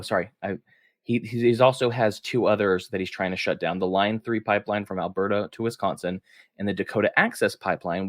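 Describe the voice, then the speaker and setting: A man's voice: fairly low pitch, no room sound, studio quality. A man co-hosting a political podcast, chatting casually in an upbeat way and laughing often. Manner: upbeat, laughs often, reads headlines aloud. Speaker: podcast co-host.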